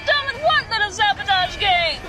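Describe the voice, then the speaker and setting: Bubbly squeaky teen girl. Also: animated, moderate pace, loud music behind the voice, over a noisy crowd. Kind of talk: sitcom dialogue.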